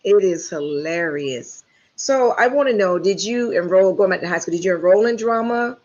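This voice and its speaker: A woman's voice: mid-range voice, expressive, normal speed, darkish tone. A woman hosting a casual interview chat, talkative and chatty as she asks questions. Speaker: show host. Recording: dull lo-fi audio.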